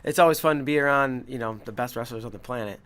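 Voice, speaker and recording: A man hosting an interview in casual chat, telling stories with relaxed energy. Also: mid-range voice, fast, clean tone. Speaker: show host.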